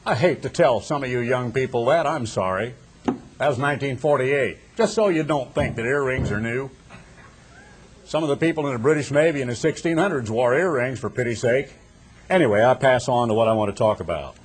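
An older man preaching a sermon, retelling scripture with dramatic storytelling that slows down and swells for emphasis. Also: medium pitch, slight background noise.

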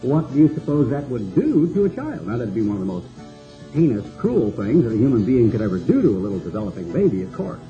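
An older man preaching a sermon, slow and cadenced, building long repeated lists. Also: mid-range voice, wildly swooping pitch, warm tone, muffled recording, soft background music.

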